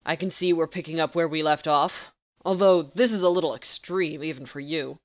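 A woman reading as a gruff growling thief. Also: low voice, moderate pace, natural voice. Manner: growled, drawling. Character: gruff dangerous male thief, guarded and growling. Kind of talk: audiobook character reading.

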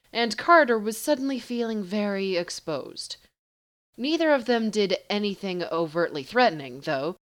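A woman reading fan fiction aloud as an audiobook narrator with steady, even storytelling. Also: mid-range voice.

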